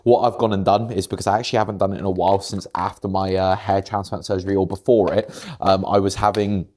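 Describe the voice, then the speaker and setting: A man's voice: low-pitched, steady tone, fast, a little mellow. A young man, chatting casually and rambling a little as he vlogs his day of fitness and food. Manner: rambling, chatty, self-correcting. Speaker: fitness vlogger. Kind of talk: casual vlog chat.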